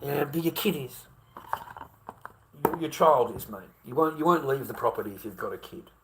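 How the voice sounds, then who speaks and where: A man's voice: medium pitch, lively intonation, moderate pace, fairly bright tone, poor audio. A middle-aged Australian man ranting casually to camera, rambling and heavy with profanity. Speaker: vlogger.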